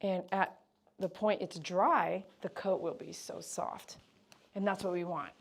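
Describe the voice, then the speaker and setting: A woman groomer chatting on a livestream from her grooming shop, rambling through explanations and switching to high sing-song praise for a dog. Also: fairly even intonation, a little slow, vocal fry. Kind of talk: casual livestream chat.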